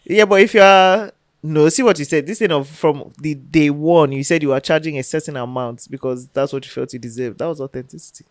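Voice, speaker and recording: A young woman with a Nigerian accent co-hosting a podcast in casual chat, animated and teasing, laughing often and swearing freely. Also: low voice, fairly quick, no echo, studio quality. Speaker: podcast co-host.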